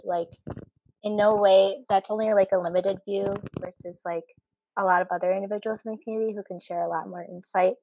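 A woman speaking as a panelist in an animated, emphatic way. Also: medium pitch, dull audio. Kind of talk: casual panel discussion.

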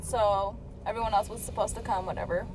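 A woman's voice: mid-range voice, fairly even intonation, fairly quick, darkish tone, a little hiss or hum. A young woman chatting casually over hookah, teasing her friend and swearing freely with lots of laughter. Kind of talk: casual chat while smoking hookah.

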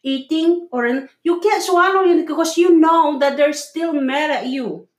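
Earnest mother, halting and echoey. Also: high-pitched. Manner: earnest, halting, restarts, soft tender asides. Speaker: mother sharing parenting views. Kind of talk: casual conversation.

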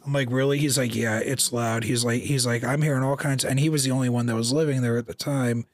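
A man in casual chat, telling lively stories about a house and acting out the voices of the people in them. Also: mid-range voice, quick pace, no echo. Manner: animated, acts out quoted dialogue, many restarts.

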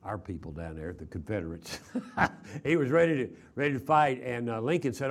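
Older man from Texas, chapel preacher, folksy storyteller, repeats himself, middle-pitched voice. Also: lively intonation, moderate pace. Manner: folksy, repeats words, many uh fillers. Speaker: traveling preacher.

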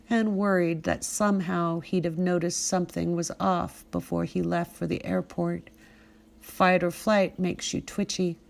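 A middle-aged woman narrating her own memoir with intensity, building to loud, emphatic outbursts. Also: lowish voice. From United States. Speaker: memoir narrator and podcast host. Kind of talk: dramatic memoir reading.

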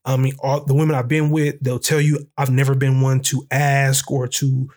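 A man's voice: mid-range voice, level tone, moderate pace, a little mellow. A young man telling candid, profane stories in a rambling, casual way, full of fillers and grammar. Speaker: podcast host. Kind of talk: casual storytelling.

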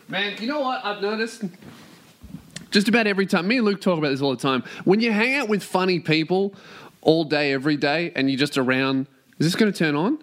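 A man hosts his podcast alone and talks himself into a sweary rant. His voice sits high for a man, and he keeps undercutting his own anger with jokes at his own expense. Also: animated, brisk, a bit bright. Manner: ranting, sweary, self-deprecating. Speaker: podcast host. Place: warehouse.

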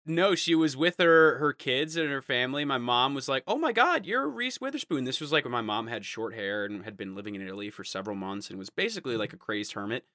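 A man's voice: fast talker, hardly any pauses, dry recording, studio quality. A man co-hosting a podcast, telling stories in a loose, casual chat and acting out the people he quotes. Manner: animated storytelling, acting out quotes in high voices. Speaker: podcast co-host.

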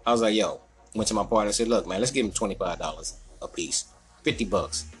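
A man telling a long, profane work story in casual chat. He acts out the other people in a higher voice. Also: fast talker.

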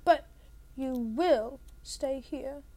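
A woman voicing a stern, menacing female teacher in a read-aloud story, giving slow, clipped commands. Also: sits high, warm tone, full character voice.

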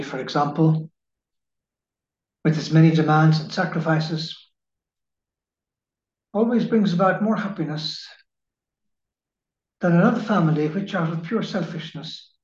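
A man giving a slow, measured spiritual reading in the manner of a preacher. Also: on the high side. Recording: echoey room, dull lo-fi sound.

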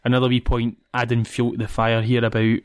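A woman's voice: extremely low pitch, completely flat delivery, fairly quick, clean tone, dry recording. Scottish woman, film recap chat, giggly, rambling, dry close sound. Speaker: podcast co-host.

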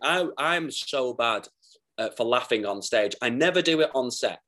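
A man's voice: medium pitch, lively intonation, moderate pace, bright, forceful tone. Giddy young man telling rambling stories. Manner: rambling, giddy, laughs through his stories. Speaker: podcast guest, actor. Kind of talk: casual chat, storytelling.

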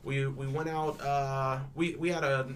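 A young man with a mid-range voice chats casually as a podcast panelist, speaking unhurriedly over slight background noise. He tells a long story, acting out both sides of quoted exchanges, and he's animated, laughing often, repeating and restarting words, and swearing freely.

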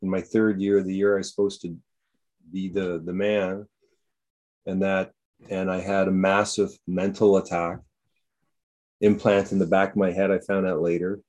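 A man chatting casually, earnest and halting, repeating himself as he talks. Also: low voice, little pitch movement, darkish tone. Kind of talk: casual chat.

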